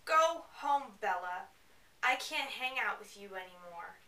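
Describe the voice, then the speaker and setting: Bitter teen boy, read by a woman, harsh and clipped, bright tone, distant roomy sound. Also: mid-range voice, lively intonation, a little slow, a little hiss or hum. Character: bitter, angry teenage boy. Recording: roomy, away from the mic.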